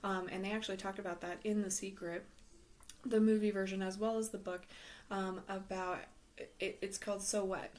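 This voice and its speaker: A woman's voice: mid-range voice, flat delivery, normal speed, darkish tone. A woman giving a tarot reading in a casual, advising way, losing her voice, with frequent ums and some half-whispered words. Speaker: tarot reader.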